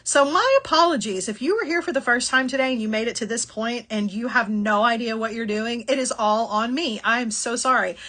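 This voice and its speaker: Chatty middle-aged woman, crafts shopping-stream host, bright and slightly high voice, laughs a lot. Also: a little fast, hardly any pauses. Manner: chatty, apologetic, laughs often. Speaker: jewelry-making show host. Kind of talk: live shopping stream chat.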